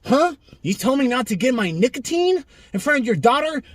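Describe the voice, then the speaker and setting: A man voicing an indignant hot-headed male stranger in a high mocking whine. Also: very animated, a little fast, a little hiss or hum.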